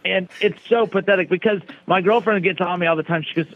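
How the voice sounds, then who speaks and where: A man's voice: high-pitched, brisk, gravelly, few pauses, background noise. A man co-hosting a podcast, telling self-mocking stories in casual banter and acting out the people he quotes. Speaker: podcast co-host.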